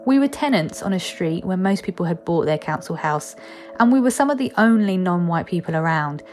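Woman in her 30s doing a spoken essay, wry and chatty, bit of music quietly underneath. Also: lowish voice. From East London, England. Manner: candid, wry, conversational. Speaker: columnist reading her own piece.

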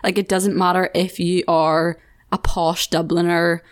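Young southern Irish woman hosting a chat podcast, lowish voice, chatty with quick asides. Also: level tone. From Ireland. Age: 20s. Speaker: podcast host. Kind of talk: casual solo chat.

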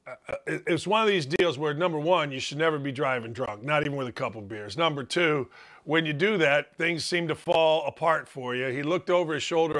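Brash, forceful sports talk show host. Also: male voice, a little high. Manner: brash, emphatic, bursts into loud exclamations; turns quiet and earnest on serious subjects. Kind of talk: opinionated sports talk monologue.

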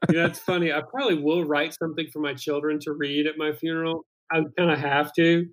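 Brief: male guest author, fairly high voice, wry and deadpan. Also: fast talker. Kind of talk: casual interview chat.

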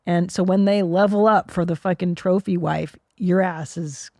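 A woman's voice: on the low side, fairly even intonation, moderate pace, mellow, dry recording, studio quality. A woman hosting a podcast, chatting candidly and swearing freely. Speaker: podcast host. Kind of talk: casual podcast chat.

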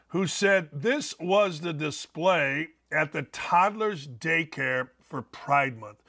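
A man's voice: on the high side, creaky, a bit bright. An older man hosting a sports talk show, delivering a blunt, combative, ranting monologue.

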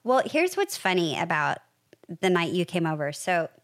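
A woman in casual chat, telling stories in an animated, rambling way. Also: lowish voice, normal speed, dry recording, clean studio sound.

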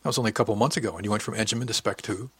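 A man performs an earnest young male crewman in an audiobook. He asks question after question in a slightly lifted, husky voice, eager and a little lost. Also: on the low side, rapid-fire, no room sound. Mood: impressed.

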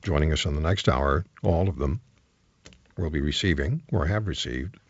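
A man hosting a call-in talk radio show, taking calls and reading listener emails aloud in a brisk, firm manner that pushes back on callers. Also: a bass voice, breathy edge, no echo. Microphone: studio microphone. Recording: dry, slightly dull studio sound.

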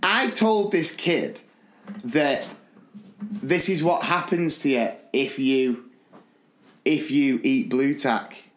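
A man, one of the podcast's hosts, telling a school story in a lively, animated way and acting out the people in it. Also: mid-range voice, slow, long pauses, echoey room. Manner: animated, acts out the people in his stories. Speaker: podcast co-host. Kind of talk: casual storytelling chat.

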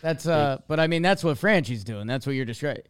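Lively, smooth-voiced podcast man. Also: fairly high pitch, fast. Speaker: podcast co-host. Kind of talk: casual sports podcast banter.

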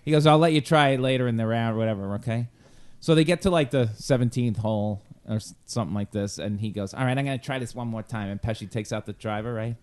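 Rambling man with a mid-pitched voice. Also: fast talker, smooth. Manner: rambling storyteller, checks in with "right?". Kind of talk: casual chat, telling an anecdote.

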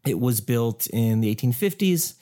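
Brief: male podcast co-host, casual ghost-story telling, deadpan jokes. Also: mid-range voice, moderate pace. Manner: joking, rambling, deadpan asides.

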